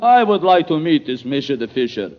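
A man's voice: a little high, sing-song, brisk. A man doing a 1940s radio comedy sketch as a mock-Russian lover, punning and laughing at his own jokes. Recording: dull old radio broadcast, faint audience.

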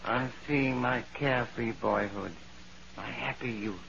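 An actor playing a henpecked middle-aged husband in a 1940s radio comedy, dry, wry and exasperated, on a dull old radio recording. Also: male voice, medium pitch, steady tone, a little slow, gravelly, fairly bright tone.

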